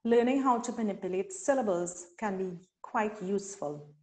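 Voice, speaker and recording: A woman from Trinidad and Tobago leads a teacher-training webinar in a mellow, mid-range voice. She speaks deliberately, slowly sounding out each syllable as she instructs.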